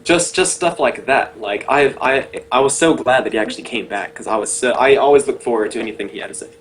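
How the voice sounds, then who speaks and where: A man's voice: mid-range voice, fast talker, a little hiss or hum, poor audio. A man co-hosting a casual webcast over a call. He rambles with lots of fillers and laughs easily. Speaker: webcast co-host.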